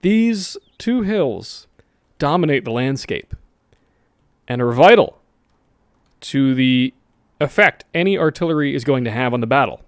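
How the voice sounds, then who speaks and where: A man's voice: medium pitch, expressive, measured pace, pauses often, clean tone, no room sound, studio quality. A man giving casual, rambling commentary over a strategy game, correcting himself often and dropping jokey asides. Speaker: gaming video host.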